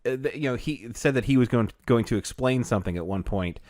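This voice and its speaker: A man's voice: medium pitch, fast talker, a little mellow, no room sound, studio quality. A man co-hosting a podcast in casual chat, rambling with many restarts and laughing often. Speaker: podcast co-host.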